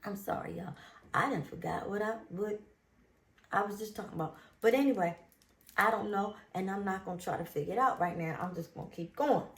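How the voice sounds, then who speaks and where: A woman host, reading Bible verses in a casual faith talk, animated and emphatic, repeating phrases. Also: mid-range voice, reverberant. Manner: animated, emphatic, drawn-out repetitions. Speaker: show host.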